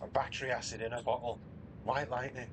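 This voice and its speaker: A man's voice: mid-range voice, level tone, quick pace, background noise. A middle-aged man from northern England with a Manchester accent, chatting casually and self-deprecatingly with his viewers from his garage. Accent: Mancunian. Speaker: livestreamer. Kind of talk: casual chat while racing. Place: home garage.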